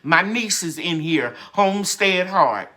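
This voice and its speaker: A woman's voice: lowish voice, lively intonation, takes it slowly, bright, forceful tone. A woman hosting a gardening channel's live stream chat, talking in a heartfelt, grateful and encouraging way.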